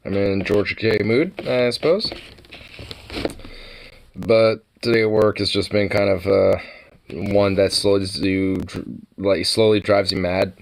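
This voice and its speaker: A young man chats into the camera in a slightly low voice, rambling loosely and swearing often. He laughs between thoughts, and a faint hiss sits under the recording. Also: fairly even intonation, measured pace, vocal fry, pauses often, poor audio. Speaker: vlogger. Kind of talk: casual rambling chat.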